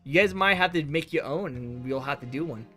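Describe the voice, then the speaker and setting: A man live-streaming a courtroom game, chatting excitably with his voice getting tired. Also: fairly high pitch, fairly quick, soft background music. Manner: excitable, exclaiming.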